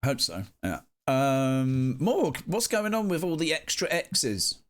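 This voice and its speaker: Male streamer, casual, playful, animated, very lively intonation. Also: mid-range voice, slow. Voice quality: animated, playful, sing-song greetings to chat. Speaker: live streamer chatting with viewers. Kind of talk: casual live-stream chat.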